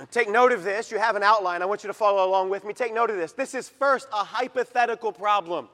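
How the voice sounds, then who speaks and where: A middle-aged male pastor preaching a sermon in a church, emphatic and rising to loud peaks as he reads scripture. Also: high-pitched, fast talker, in a large hall. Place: church sanctuary.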